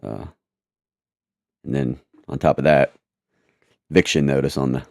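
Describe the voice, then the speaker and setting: Very deep gravelly man, halting testimony. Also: fairly even intonation, no room sound, clean studio sound. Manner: halting and repetitive, earnest. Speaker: personal testimony vlogger. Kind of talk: personal testimony storytelling.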